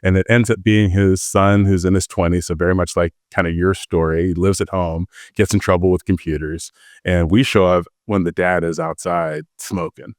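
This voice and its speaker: A man's voice: low-pitched, steady tone, normal speed, a little mellow, no room sound, clean studio sound. A middle-aged man, a podcast guest, telling anecdotes from a long law-enforcement career in a self-assured way. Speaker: guest, former FBI agent. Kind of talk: casual storytelling.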